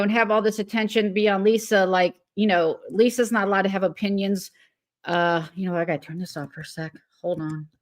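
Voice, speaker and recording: Casting: woman, livestream host, chatty and giggly, middle-pitched, rambling delivery. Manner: chatty, greets viewers by name, giggly; rambling with many fillers and restarts. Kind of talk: casual livestream chat.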